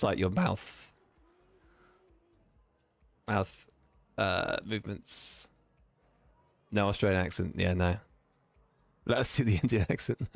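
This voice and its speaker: A man's voice: lowish voice, vocal fry, no echo. A British man with a British English accent, chatting casually on a live stream while sim racing, reading chat aloud and laughing easily. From Britain.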